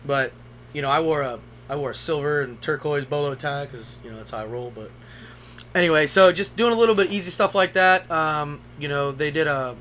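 Bright-voiced man in casual podcast chat. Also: a little high, brisk, a little hiss or hum. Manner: loose, profane storytelling with laughs. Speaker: podcast co-host.

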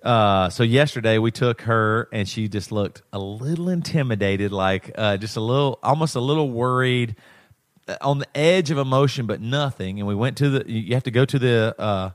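A man's voice: medium pitch, normal speed, no room sound, studio quality. A man in his thirties, a podcast co-host, telling a personal story in a rambling, emotional way with many restarts. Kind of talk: casual chat.

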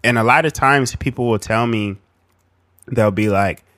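A man's voice: medium pitch, normal speed, fairly bright tone, no room sound. A man co-hosting a podcast, talking in a reflective, rambling way with many ums. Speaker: podcast co-host. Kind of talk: casual chat.

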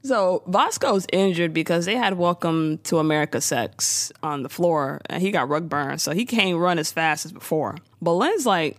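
A woman co-hosting a podcast, recapping a TV episode in casual, jokey chat with quick asides. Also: lowish voice, animated, no room sound.

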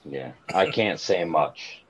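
A man with a very low, slow voice rambles through a casual chat, swearing freely and sounding earnest. The sound is dull and lo-fi. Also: lively intonation, a little hiss or hum. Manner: rambling, swears a lot, earnest about aliens. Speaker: guest on a cannabis livestream chat.

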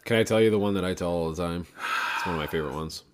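A man co-hosting a casual podcast chat, teasing and telling jokes in a dry deadpan way. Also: deep voice, rapid-fire, slight background noise. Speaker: podcast co-host.

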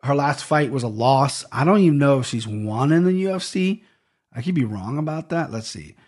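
A man's voice: mid-range voice, lively intonation, moderate pace, darkish tone, slightly rough. A young man hosting a casual fight-picks podcast at a desk microphone, rambling, swearing and tripping over names. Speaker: sports betting podcast host.

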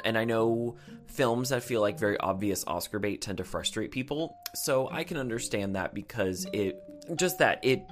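A man giving an opinionated, casual film review, often restarting and repeating words as he thinks aloud. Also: on the low side.

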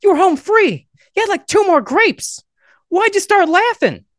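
A man voicing a stranded man in a told joke, scolding his friend in a shrill, incredulous voice. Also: very animated, normal speed, fairly bright tone, no room sound, studio quality, exaggerated voice. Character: first stranded man in heaven, exasperated.

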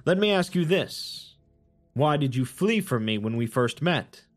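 A man voicing a devout, honor-bound warrior woman saint, speaking in a solemn, formal way at a slow pace. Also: on the high side, very animated, soft background music.

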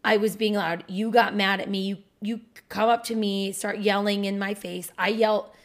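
A woman in her thirties co-hosting a casual podcast, telling a story loudly and animatedly, swearing often. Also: medium pitch, normal speed. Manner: loud, profane, animated storytelling. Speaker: podcast co-host. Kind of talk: casual couple podcast chat.

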